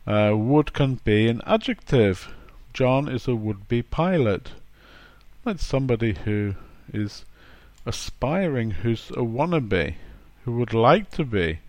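A man's voice: mid-range voice, expressive, slow pace, darkish tone, dry recording. A man giving a chatty, playful grammar lesson, acting out example sentences. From England. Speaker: English teacher.

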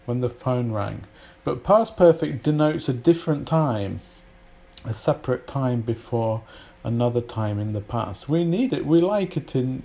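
A man teaching at an unhurried pace, his voice mellow and warm. He explains patiently and illustrates each point with spoken examples. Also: medium pitch, gravelly. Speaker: English teacher.

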